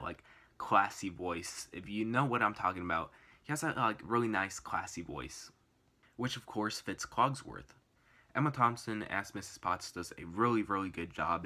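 Bright-voiced young man reviewing a film. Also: lowish voice. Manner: enthusiastic, rambling with fillers. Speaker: movie reviewer. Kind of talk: casual movie review.

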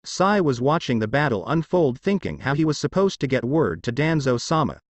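A man narrating a fanfiction story in a steady storytelling read. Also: medium pitch, moderate pace, dry recording. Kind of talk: fanfiction reading.

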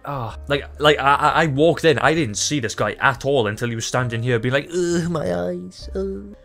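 A man narrating his own gameplay in a rambling, excitable way. He swears freely, breaks into laughter and restarts his sentences mid-thought, over faint background music. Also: mid-range voice, brisk. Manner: rambling, self-interrupting. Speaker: gaming YouTuber. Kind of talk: gameplay commentary.

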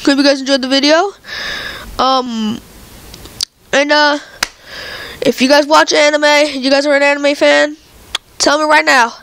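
A woman with a high, bright voice chats excitedly to her viewers in a casual vlog. She has a cold and coughs now and then. Her talk wanders, full of "um" and "uh" as she goes. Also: measured pace, pauses often, a little hiss or hum. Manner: excitable and rambling, lots of fillers. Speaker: channel host. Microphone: computer recording software.

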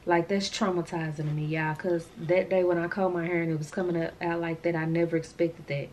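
A woman talks straight to her camera in a loose, rambling vlog style, calling her viewers y'all. Her voice sits a little low. A faint hiss runs under the recording. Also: flat delivery, fairly quick, a little mellow. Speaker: vlogger. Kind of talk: casual chat to camera.

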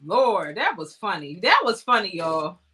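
A woman's voice: lowish voice, big pitch swings, measured pace, noisy background. A woman hosting a casual livestream chat, teasing her guests and laughing a lot. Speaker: livestream host.

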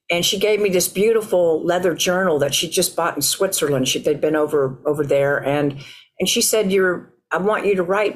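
Hesitant, reflective author answering questions. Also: medium pitch. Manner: hesitant, many restarts and ums.

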